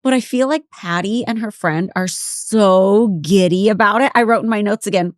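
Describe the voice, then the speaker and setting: Woman podcast co-host, forties, wry, candid, mid-pitched, dry close sound. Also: normal speed, dry recording. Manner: candid, wry, quotes others in voices. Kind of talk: casual podcast rewatch chat.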